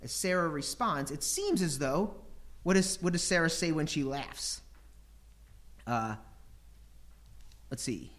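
A man's voice: on the high side, expressive, normal speed, fairly bright tone. A man preaching a sermon, teaching scripture with rhetorical questions and acting out voices and laughter.

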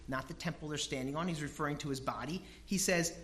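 A middle-aged man preaching a sermon, emphatic and animated, dropping to a hush and then rising loud, telling homely family stories. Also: a little high, brisk. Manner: animated, emphatic, swings between hushed and loud. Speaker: pastor.

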